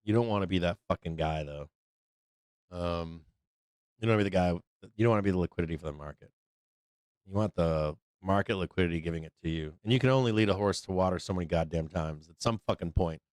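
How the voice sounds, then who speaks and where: A man with a low, darkish voice talks fast on a live trading stream, with no echo in the recording. He rambles and swears as he hosts, packing in fillers and mocking quotes of other traders in casual commentary.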